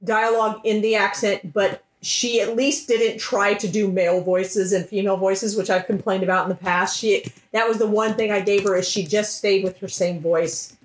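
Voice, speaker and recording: A woman's voice: medium pitch, steady tone, normal speed, few pauses, roomy sound. A woman in a casual book chat, emphatic and exasperated, who swears freely. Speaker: book club member.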